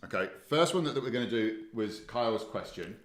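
A male host chats casually, reading listener questions and tripping over restarts while he hunts for clips. His voice bounces around a roomy space at an ordinary middle pitch. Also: expressive, a little fast. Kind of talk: casual podcast chat. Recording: roomy echo.

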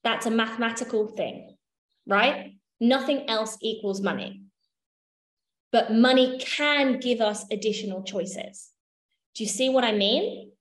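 A woman's voice: on the high side, a little slow. A woman leading a workshop, teaching in a casual, chatty way, swearing offhand and checking that her listeners follow. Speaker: workshop leader. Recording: echoey room.

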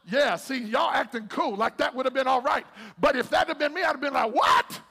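A male preacher delivering an impassioned sermon, calling out to the congregation and swinging between shouting and hushed passages. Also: extremely high pitch, fairly quick, gravelly, in a large hall. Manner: calls out to the congregation.

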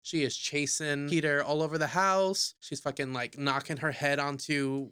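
A young adult podcast co-host recapping a horror movie in casual, profane, jokey talk, acting out the characters in quick asides. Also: medium pitch, clear, resonant tone, no room sound, clean studio sound. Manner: animated, profane, jokey storytelling.

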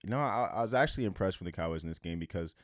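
A young man co-hosting a casual sports betting chat, excitable, swearing and repeating himself. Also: low-pitched, racing, no room sound, studio quality. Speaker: sports podcast co-host.

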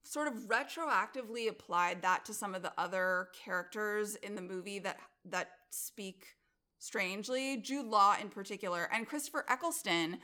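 A woman co-hosts a casual podcast about film, her middling-pitched voice bright and forward. She speaks at a normal speed, sounding enthusiastic and using lots of filler words as she works through her thoughts.

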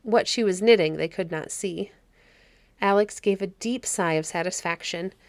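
A woman narrating a fairy story audiobook in a calm, measured way. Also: lowish voice, dry recording. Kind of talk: reading a fairy story aloud.

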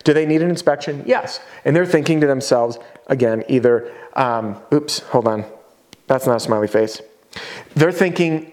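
A man in his thirties teaching a roofing sales lesson at a whiteboard, talking energetically and sometimes acting out homeowners in quick voices. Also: medium pitch, darkish tone.

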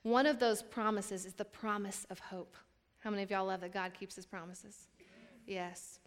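A woman's voice: medium pitch, a bit bright. A woman giving a conversational sermon at a women's church event, earnest and candid, weaving scripture together with stories about her family. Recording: echoey hall.

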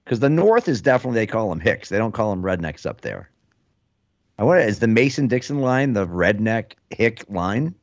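A man's voice: fairly low pitch, big pitch swings, brisk, dry recording. Brief: male podcast host, jokey casual banter, dull dry recording. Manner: joking, teasing banter with guests.

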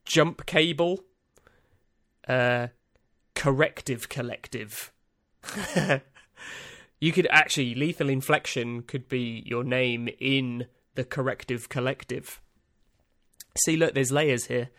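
A man's voice: mid-range voice, takes it slowly, pauses often, a bit bright, dry recording. A man hosting a podcast, reading out a list in a rambling, dry, self-amused way with lots of ums and uhs. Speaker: podcast host. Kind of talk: casual solo podcast monologue.

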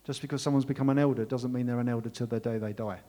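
A man's voice: medium pitch, steady tone, rapid-fire. A man preaching a sermon as pastor, earnestly thanking his congregation and leading a closing prayer. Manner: earnest, warm, emotional thanks.

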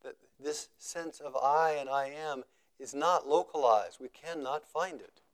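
A man giving a slow, measured talk at a meditation retreat, repeating phrases for emphasis and letting his voice fall quiet at the ends of thoughts. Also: a little high. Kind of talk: contemplative dharma talk.

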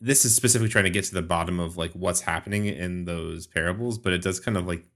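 A man's voice: sits low, fast, fairly bright tone. A man co-hosting a casual podcast about the Bible, chatty, often laughing and restarting his sentences. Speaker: podcast co-host. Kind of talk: casual discussion and scripture reading.

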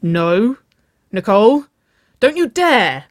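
A woman reading a story aloud and voicing a playful young woman who squeals and pleads in a high, giggly voice. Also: big pitch swings, slow, dry recording, studio quality, exaggerated voice. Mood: squealing protest.

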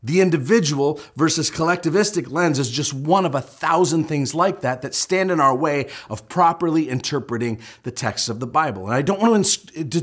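Pastor guy in his middle years, sermon mode, kinda high voice, hits his points hard. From United States. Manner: explanatory, building emphasis on key points.

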